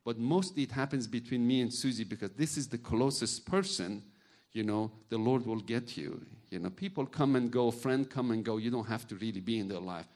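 Guy preaching, middle-aged, animated storyteller, loose grammar. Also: mid-range voice, brisk, few pauses. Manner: animated storytelling, acts out voices, non-native grammar. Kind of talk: sermon with personal stories.

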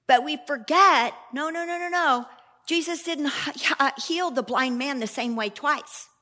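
Bright-voiced woman preaching, animated. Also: high-pitched, normal speed. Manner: conversational, animated storytelling with asides and restarts. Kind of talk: sermon.

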